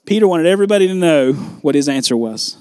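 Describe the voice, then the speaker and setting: A man pastor preaching a sermon, animated, acting out biblical dialogue with shifting volume. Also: a little high, quick pace, no room sound, clean studio sound.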